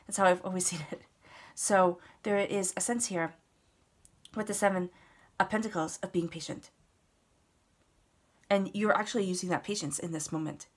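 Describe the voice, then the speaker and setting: A woman's voice: on the low side, steady tone, normal speed. A woman giving a casual, earnest tarot reading, talking straight to the listener and repeating words for emphasis. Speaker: tarot reader.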